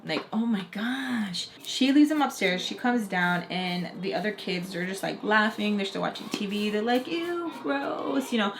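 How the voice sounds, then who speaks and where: A woman's voice: mid-range voice, moderate pace, few pauses, slight background noise. A young adult woman telling a casual storytime vlog, chatty, full of "like" fillers, acting out quotes. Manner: chatty, heavy "like" fillers, animated quoting. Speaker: storytelling vlogger.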